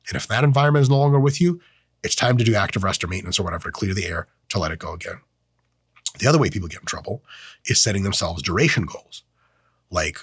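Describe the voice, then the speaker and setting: A man's voice: low-pitched, slightly rough, dry recording, clean studio sound. A man hosting a fitness channel, giving a casual, joking, profane lecture on training and diet. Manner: profane, joking, animated delivery. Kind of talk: casual educational monologue.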